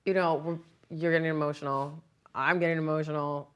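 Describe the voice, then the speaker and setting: A woman's voice: low voice, level tone, brisk, fairly bright tone, clear, resonant tone. A woman interviewer asking questions in a sympathetic, conversational way.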